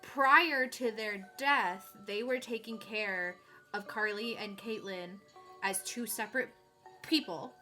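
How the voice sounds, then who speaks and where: A woman co-hosting a casual book podcast, her voice bright and sharp. She reacts quickly and with excitement, with faint music under the talk. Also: mid-range voice. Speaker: podcast co-host.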